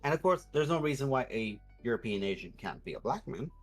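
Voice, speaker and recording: A man streaming while he draws, chatting casually in rambling, sweary, animated rants. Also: mid-range voice, quick pace, soft background music.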